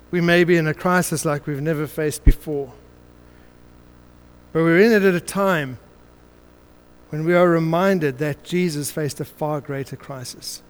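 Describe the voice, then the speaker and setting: A man's voice: a little high, moderate pace, pauses often, smooth. An older man preaching a sermon, telling a story and building it up through rhythmic repetition.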